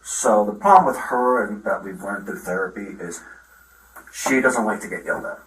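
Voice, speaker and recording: A man's voice: on the low side, a bit bright. Roomy, distant middle-aged father rambling. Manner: rambling, halting account with many restarts. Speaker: father speaking to police. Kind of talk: recounting events in a conversation. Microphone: police body camera. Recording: roomy, from far off the mic.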